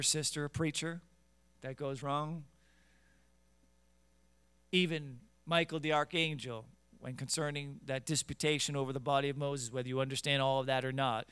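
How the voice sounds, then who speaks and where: A man preaching a sermon who reads scripture in old-fashioned wording, scolds his listeners directly and builds from quiet teaching to loud, fervent exhortation. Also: mid-range voice, clear, resonant tone, no echo.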